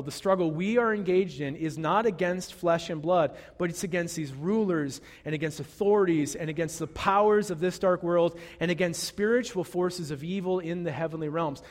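A pastor preaches in a loose, conversational way, often restarting his sentences. His voice sits on the higher side for a man. The sound carries a long hall reverb, as in a church sanctuary. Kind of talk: sermon.

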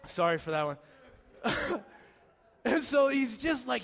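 High-voiced man preaching in a hall. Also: moderate pace. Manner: animated storytelling with humor, voice swinging from soft to loud. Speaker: pastor. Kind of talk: sermon.

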